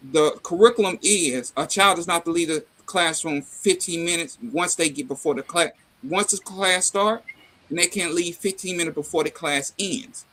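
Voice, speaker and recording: A middle-aged man chatting casually, telling a family story with lively acted-out dialogue and salty slang. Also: high-pitched. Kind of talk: casual chat.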